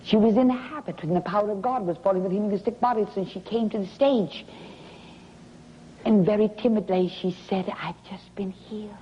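A woman preacher delivering a sermon in a slow, dramatic way, often dropping into a whisper for effect. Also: medium pitch. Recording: dull lo-fi recording with faint hiss.

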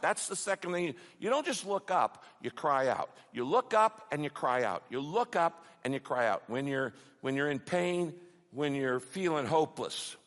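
Middle-aged pastor preaching, swoops up and down a lot, reverb trailing off the walls. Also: male voice, a little high. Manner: passionate, builds to loud emphatic peaks. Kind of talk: sermon. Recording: long hall reverb.

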